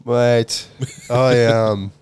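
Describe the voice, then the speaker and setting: A man with an Australian accent, co-hosting a podcast in casual chat, telling lively stories, swearing casually and acting out quotes. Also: medium pitch, very slow, slight background noise. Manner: animated storyteller, swears casually, acts out quotes. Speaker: podcast co-host.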